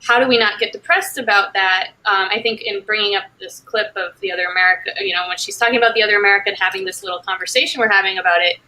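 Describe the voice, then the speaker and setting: A woman's voice: mid-range voice, racing, few pauses, bright, forceful tone, low-quality recording. A woman moderating a casual panel conversation, thinking aloud with loose phrasing and frequent fillers.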